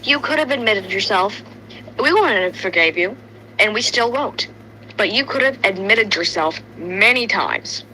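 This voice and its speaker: A woman's voice: medium pitch, expressive, unhurried, bright, forceful tone, a little hiss or hum, low-quality recording. A woman in casual commentary chat, blunt and critical, swearing at times.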